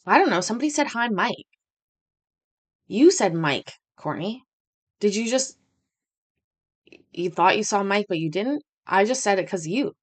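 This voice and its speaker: A woman's voice: medium pitch, lively intonation, moderate pace, pauses often. A woman hosting a casual livestream from home, chatty and rambling, with self-deprecating asides. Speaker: host.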